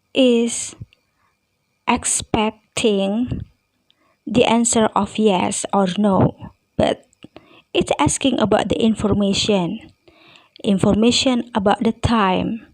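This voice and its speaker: A woman English teacher with an Indonesian accent, calmly explaining test questions and reading out example answers in a recorded lesson. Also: a little high, no echo, poor audio.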